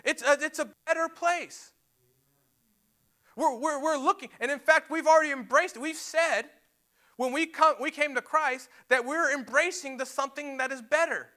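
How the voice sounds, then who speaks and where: In a church sanctuary, a pastor preaches a sermon emphatically, repeating words as he builds his points. His voice is extremely high-pitched and sharp, delivered at a moderate pace.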